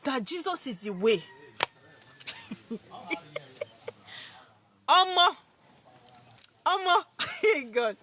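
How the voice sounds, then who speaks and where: Lively high-voiced Nigerian woman. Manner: expressive, dramatic, Pidgin-laced storytelling. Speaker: vlogger. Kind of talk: personal storytelling to viewers.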